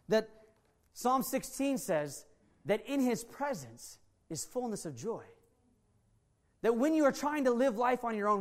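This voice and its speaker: With a medium-pitched voice, an earnest preacher gives a sermon, returning to the same key phrases over and over. He often breaks off mid-thought and starts again while driving his point home.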